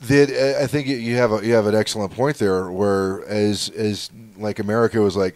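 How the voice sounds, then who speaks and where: Rambling low-voiced man telling stories. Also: moderate pace, no echo. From Southern California. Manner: rambling, animated storytelling, swears, laughs often. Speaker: podcast host. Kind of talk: casual chat.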